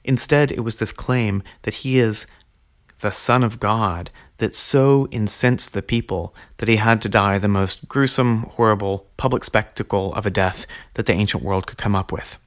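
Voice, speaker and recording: A man with a somewhat low voice hosts a scripted teaching podcast. His delivery is measured and earnest, and he slows down to stress the phrases that matter. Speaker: podcast host teaching on early Christianity.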